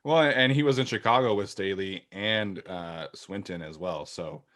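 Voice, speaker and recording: A man co-hosting a sports podcast, talking casually and thoughtfully, often trailing off quietly at the ends of sentences. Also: low-pitched, normal speed. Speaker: podcast co-host.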